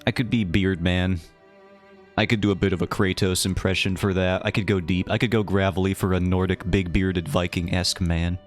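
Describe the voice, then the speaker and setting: A man's voice: sits low, level tone, a little fast, soft background music. A man streaming live, chatting casually and playfully with his viewers in a rambling, self-mocking way. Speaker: livestreamer.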